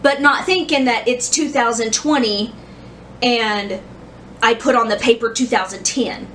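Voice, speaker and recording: A woman's voice: on the high side, measured pace, fairly bright tone, distant mic, slight background noise. A woman in her thirties telling a personal story in a casual vlog, rambling with many restarts and fillers. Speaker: vlogger.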